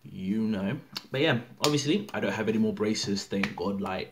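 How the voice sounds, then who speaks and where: A man's voice: on the low side, normal speed, hardly any pauses, noisy background. An eighteen-year-old man chatting casually to camera, rambling and full of fillers. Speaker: vlogger. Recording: music playing loudly behind.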